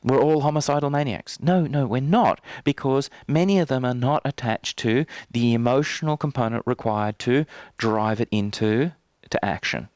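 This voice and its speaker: A man's voice: mid-range voice, normal speed, few pauses, a little mellow, dry recording. Trainer type, male, playful and teasing, dry close sound. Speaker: NLP trainer. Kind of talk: live workshop demonstration. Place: training room.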